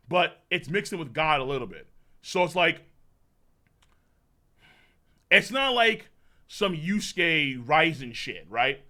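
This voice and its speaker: A man streaming a live manga reaction, excitable and profane, breaking into shouts of amazement. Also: on the high side.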